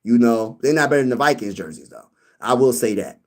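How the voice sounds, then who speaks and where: A man's voice: mid-range voice, expressive, fairly quick. A man hosting a casual sports livestream, reading viewer comments and talking with boastful hype and lots of slang. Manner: hyped and boastful, repeating phrases for emphasis; slangy street talk, calls listeners bro and baby. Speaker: sports channel host.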